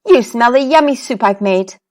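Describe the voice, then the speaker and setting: A woman's voice: fairly high pitch, animated, normal speed, close to an everyday voice. A woman voicing a stern but kindly giant's wife in a children's storybook reading, scolding and matter-of-fact.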